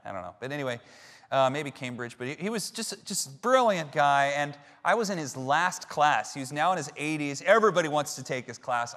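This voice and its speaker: A man's voice: on the high side, bright, forceful tone. Storytelling male pastor in a reverberant hall. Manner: conversational, self-deprecating storytelling. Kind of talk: sermon.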